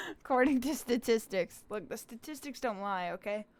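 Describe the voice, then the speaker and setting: A woman's voice: fairly high pitch, expressive, moderate pace, dry recording. A giggly, bubbly young woman from Canada, chatting casually with her viewers on a livestream.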